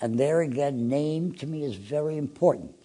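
A man's voice: a little high, normal speed, crowd noise. A man being interviewed as a guest in a radio studio, telling stories with gusto and acting out the dialogue in different voices. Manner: acts out dialogue with lively voices. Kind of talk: animated anecdotal storytelling.

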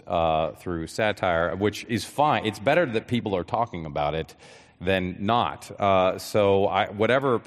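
Casting: low-voiced man, dry self-mocking guest, halting delivery, live hall sound. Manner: self-deprecating, deadpan jokes, halting restarts. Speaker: guest actor. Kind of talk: casual interview chat.

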